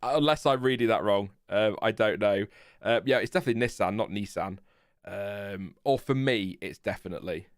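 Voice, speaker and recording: A man's voice: lowish voice, no echo, studio quality. Chatty Lincolnshire man hosting a stream. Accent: Lincolnshire English. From Lincolnshire, England. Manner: chatty, self-mocking, quick to laugh. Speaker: livestream host. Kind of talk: casual live chat.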